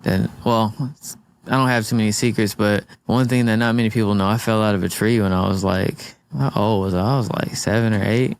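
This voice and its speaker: A man's voice: lowish voice, steady tone, a little fast, clear, resonant tone, dry recording. Male podcast guest, easygoing and slangy, resonant tone. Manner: laid-back, slangy, laughs a lot. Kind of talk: casual storytelling chat.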